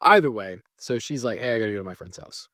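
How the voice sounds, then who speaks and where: A man telling a personal story in a casual, animated way, mocking himself and jumping high when exasperated. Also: fast, dry recording, clean studio sound. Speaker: storyteller recounting a breakup.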